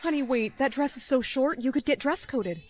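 Brief: a woman as a worried skit mom, high voice, fussing over her daughter. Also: moderate pace, a little mellow, slight background noise, lightly acted. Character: fussy mother and catty school girl. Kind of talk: short comedy skit acting.

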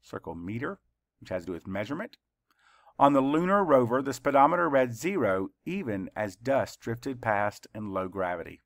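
A male teacher leading a children's spelling lesson, spelling each word out letter by letter with slow, deliberate dictation. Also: medium pitch, very animated, dry recording, studio quality.

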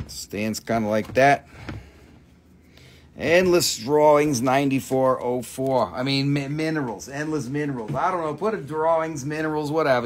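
A man's voice: mid-range voice, a little hiss or hum. A middle-aged man with an Appalachian accent hosts a casual live sales stream, talking loosely about his stones, swearing freely and reading out prices and buyer numbers. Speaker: live-stream crystal seller.

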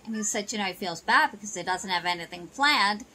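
A woman's voice: mid-range voice, animated, brisk, bright, forceful tone, low-quality recording. A woman casually retelling a soap opera episode, chatty and loose with "you know" and "she goes". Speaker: soap opera recap narrator. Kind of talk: casual plot recap narration.

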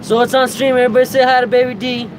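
A man's voice: very high voice, level tone, racing, noisy background. A man streaming live, chatting casually, laughing a lot and swearing freely.

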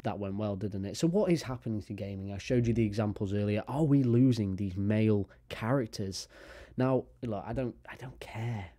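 A man's voice: on the low side, moderate pace, warm tone, soft background music. A young man talking casually about video games, rambling with lots of fillers and frequent swearing. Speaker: gaming YouTuber. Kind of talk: casual chat to camera.

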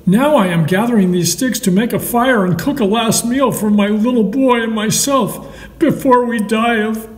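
A man reading aloud the lines of a pleading poor widow in a slow storybook way. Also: high voice, pitched above the performer's own voice, lightly acted. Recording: echoey hall, mic far off.

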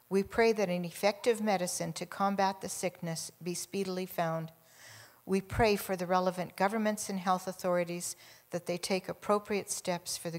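A woman reading a congregational prayer aloud in church, slow and measured. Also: lowish voice. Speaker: lay prayer leader. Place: church sanctuary.

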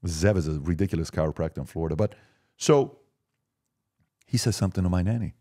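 Man, forties, podcast guest, emphatic storyteller, low mellow voice. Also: fast talker. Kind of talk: casual conversation.

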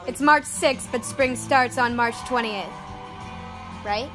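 High-voiced excitable young woman. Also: moderate pace, faint music behind, a faint crowd. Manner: excitable, chatty, swings to squeals and laughter. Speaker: vlogger watching TV. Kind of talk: casual reaction commentary. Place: at home.

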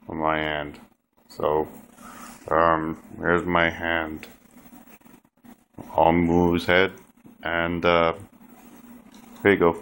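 Home-video dog owner, man, deep gravelly voice, unhurried deadpan delivery, slight hiss behind. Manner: offhand, deadpan, with ums. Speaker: dog owner filming his pet. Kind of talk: casual home video narration.

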